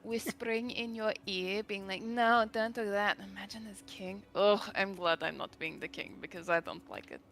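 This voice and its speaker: A woman's voice: medium pitch, moderate pace, vocal fry, hardly any pauses, a bit bright. A woman playing in a tabletop role-playing game, talking in a chatty, rambling way full of fillers. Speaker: player. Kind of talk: casual chat at a tabletop game.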